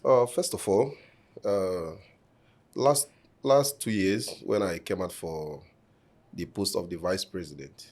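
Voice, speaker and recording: An election candidate sits in a podcast studio answering an interviewer's questions. His voice is low, deep, and darkish, and he lays out his points in a measured, formal way, pausing on fillers.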